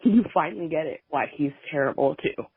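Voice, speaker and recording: A woman's voice: low voice, expressive, fairly quick, husky, dry recording. A woman in her late thirties leaving long, rambling, profane voicemails for a podcast, laughing as she talks. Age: late 30s. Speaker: voicemail caller. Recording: tinny phone line.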